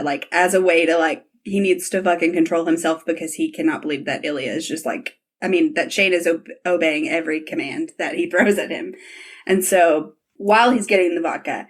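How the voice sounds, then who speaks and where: A woman hosting a casual podcast chat, retelling scenes with lively acted-out quotes and reading book passages aloud. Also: fairly low pitch. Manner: animated, acts out characters' lines in quotes. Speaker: podcast host.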